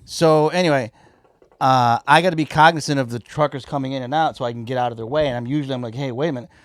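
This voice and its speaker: A man with a Chicago accent telling a profane work story in a casual, animated way and acting out both sides. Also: medium pitch, fast talker, dry recording, studio quality. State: high. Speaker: comedian guest.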